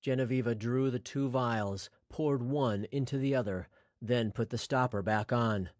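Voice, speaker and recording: A man narrating a fantasy audiobook in a steady, scripted storytelling voice. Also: medium pitch, a little slow, no echo, studio quality.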